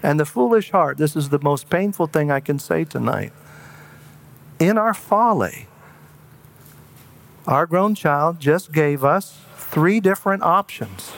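A man preaching a sermon in an earnest way, slowing down and dropping to a hush for emphasis. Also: a little high, animated, gravelly.

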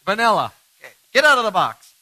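A man giving a sermon-style talk on marriage, animated and self-mocking, laughing often. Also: high-pitched, fast talker, no room sound, poor audio. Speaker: marriage speaker.

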